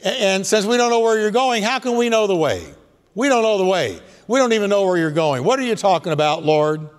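A man's voice: high-pitched, a little fast, close to an everyday voice. A preacher voicing a confused male disciple who keeps asking questions, in a reverberant hall. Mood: puzzled. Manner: pleading, puzzled questions.

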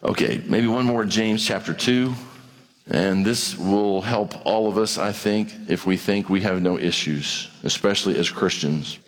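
A man preaching a sermon as pastor, animated, acting out little conversations with rises and drops in his voice. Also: moderate pace, hardly any pauses. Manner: animated preaching, acts out dialogue, pitch swings widely. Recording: long reverb of a large hall.

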